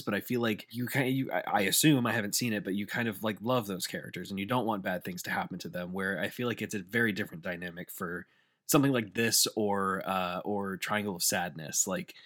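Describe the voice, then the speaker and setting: A man co-hosting a casual podcast about movies, playful and quick to laugh. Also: sits low, a bit bright, dry recording, studio quality. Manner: laughs often, loose and playful. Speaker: podcast co-host. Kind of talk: casual chat.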